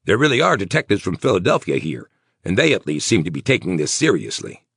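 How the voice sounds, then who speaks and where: A man voicing a nervous, sweating male mayor, talking in tense, insistent rapid bursts. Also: low voice, sing-song, creaky, fairly bright tone, slightly rough, no room sound, studio quality, full character voice. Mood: worried.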